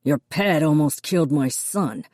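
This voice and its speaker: A woman's voice: low-pitched, unhurried, a little mellow, no echo, clean studio sound. A woman voicing a stern, harsh middle-aged father who snaps curtly at his son. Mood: snapping. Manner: snapping, curt.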